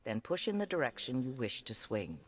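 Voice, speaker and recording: A man reading game tutorial instructions in a clear, explanatory voice-over. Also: medium pitch, wildly swooping pitch, brisk, a little hiss or hum.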